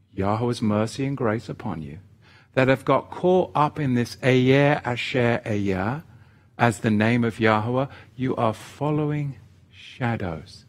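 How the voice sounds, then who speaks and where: A man giving an earnest sermon-style teaching. He repeats key phrases and tells stories along the way. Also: mid-range voice. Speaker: Bible teacher.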